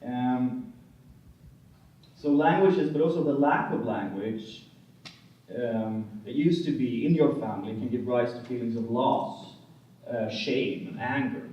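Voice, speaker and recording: A man moderating an academic symposium discussion, speaking in measured sentences with many filler pauses and checking in with "right?". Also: medium pitch, lo-fi sound. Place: lecture room. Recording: distant, very echoey room.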